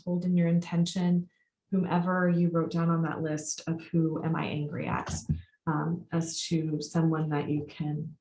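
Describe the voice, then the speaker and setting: A woman facilitator with a lowish voice leads an online group through a guided release exercise. She talks calmly, pausing between repeated prompts and breathing cues. Her voice comes through with a roomy echo. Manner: calm, guiding, repeats prompts with pauses. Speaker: workshop facilitator and coach. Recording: echoey room sound.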